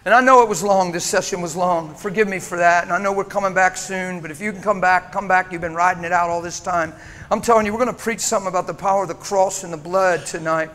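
A male preacher giving an emotional sermon to a congregation, moving between loud, urgent exhortation and hushed intensity. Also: sits high, fairly even intonation, brisk. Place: church meeting room before a congregation.

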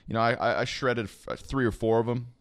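A man's voice: medium pitch, fairly even intonation, brisk, no room sound. A young man from Quebec telling a casual, rambling story, swearing freely and filling gaps with "you know" and "like". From Quebec, Canada. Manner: rambling, profane, full of fillers like "you know". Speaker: esports caster and podcast host.

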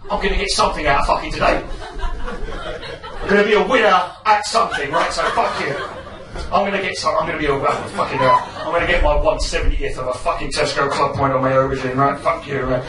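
A man performing a stand-up comedy routine on stage, swearing heavily and building into shouted rants. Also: a little high, fairly even intonation, fast, a crowd in the background. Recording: echoey live venue, far from mic.

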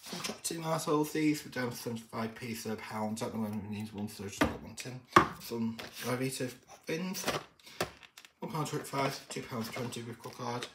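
A woman's voice: rumbling low, moderate pace, heavy background noise. A woman, a parent, doing a casual grocery haul, reading out each item with hesitant fillers. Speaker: parent vlogger. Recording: roomy distant mic with loud bag rustling.

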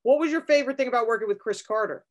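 A woman's voice: on the high side, rapid-fire, muffled recording. A woman interviewing an actor for a fan podcast, asking questions and sometimes restarting them.

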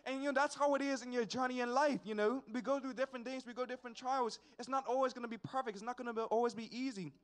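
A young man, telling a personal testimony at a church service in an animated, repetitive storytelling way with sighs and asides. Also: very high voice, fast, few pauses, smooth. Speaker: church member giving a testimony.

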